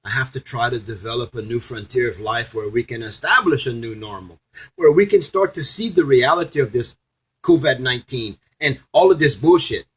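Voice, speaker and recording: Husky man, profane confrontational rant, preachy vlogger monologue. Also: medium pitch, moderate pace, rough recording. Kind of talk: angry ranting monologue.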